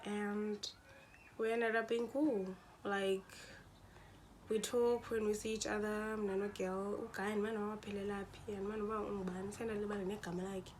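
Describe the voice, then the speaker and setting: A woman's voice: mid-range voice, a little hiss or hum. A young woman with a South African Xhosa accent, casually telling a personal story to her channel and acting out other people's lines. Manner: animated, switches into quoted voices and mixes in Xhosa.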